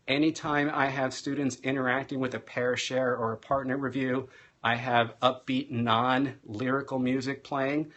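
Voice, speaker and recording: A man who is a teacher and speaking coach, giving an energetic live-streamed teaching talk and varying his loudness and pace for emphasis. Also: medium pitch.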